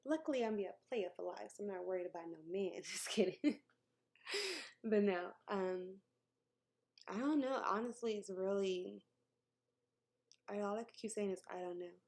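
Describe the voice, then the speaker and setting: A woman's voice: mid-range voice, moderate pace, creaky, pauses often, a little mellow. A woman, talking candidly and emotionally to camera in a personal vlog, sometimes dropping to a near-whisper and laughing between thoughts. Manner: laughs between thoughts, jokes about her news. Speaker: vlogger.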